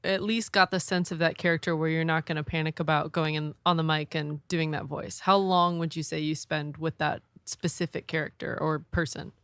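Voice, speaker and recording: Podcast co-host, curious interviewer, clean smooth voice, dry recording. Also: medium pitch, little pitch movement, normal speed, hardly any pauses, fairly bright tone, no room sound. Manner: curious, asks questions. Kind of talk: casual interview chat.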